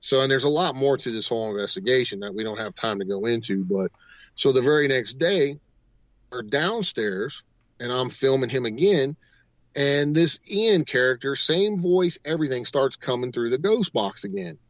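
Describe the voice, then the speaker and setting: On a talk radio show, a paranormal investigator spins a long, rambling story linked by repeated "and"s. He sounds animated, with a mid-range voice at a moderate pace, and the lo-fi audio is dull and dry, without echo.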